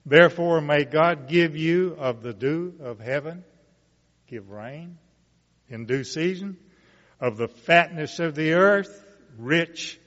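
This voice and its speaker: A man reads scripture and comments on it in a measured, emphatic sermon style. His voice sits a little high and moves very slowly. The sound is dull, with a long reverb trailing behind each phrase. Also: fairly bright tone. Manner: slow, deliberate reading with emphatic rises. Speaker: preacher. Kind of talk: Bible reading with commentary.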